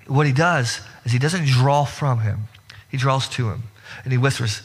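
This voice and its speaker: A man's voice: mid-range voice, expressive, moderate pace, slightly rough. A man preaching a sermon in an earnest way, often repeating words and restarting his sentences. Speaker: pastor. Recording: long hall reverb.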